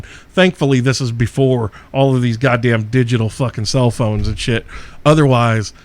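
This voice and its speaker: A man's voice: medium pitch, no room sound. A middle-aged man hosting a podcast, telling a wild story in a casual, profane way and laughing often as he goes. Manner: profane, laughs through his own story. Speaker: podcast host.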